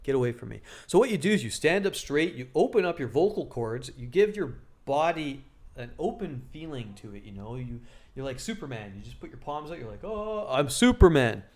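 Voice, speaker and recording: A man's voice: medium pitch, lively intonation, fairly quick. Man joking through crude dating advice. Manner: joking, crude, acts out quoted lines in exaggerated voices. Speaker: dating coach. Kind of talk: casual advice vlog to camera.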